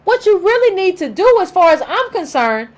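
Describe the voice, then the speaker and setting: Very high and very animated at a moderate pace, this woman with an African American accent is a political commentator vlogger giving an emphatic opinion monologue. She repeats her points and performs imagined quotes.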